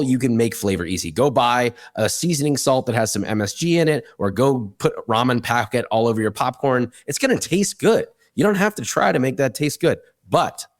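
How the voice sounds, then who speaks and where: A man's voice: medium pitch, no room sound, studio quality. A man, a chef and cookbook author, chatting as a guest on a podcast, enthusiastic and emphatic with casual swearing. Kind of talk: casual interview chat.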